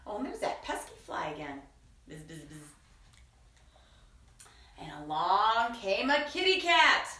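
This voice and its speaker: A woman reading a picture book aloud to children in a playful, sing-song way, dipping into soft whispers. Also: fairly high pitch, sing-song, moderate pace, few pauses, recorded from a distance, a little hiss or hum. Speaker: children's storyteller. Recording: roomy echo, voice from away from the mic.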